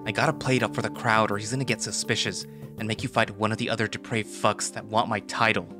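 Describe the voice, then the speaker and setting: A man voicing a huge, gruff male dinosaur fighting champion, grumbling in a low, urgent tone. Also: flat delivery, quick pace, lightly acted. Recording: voice over loud background music.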